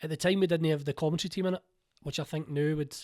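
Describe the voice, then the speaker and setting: Glaswegian male, 40s, rapid and keen, rambling interview guest. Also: fairly high pitch, fairly even intonation, darkish tone. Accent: Glaswegian Scottish. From Scotland. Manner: fast, eager, rambling with restarts. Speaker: playwright and producer, interview guest. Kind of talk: casual interview chat.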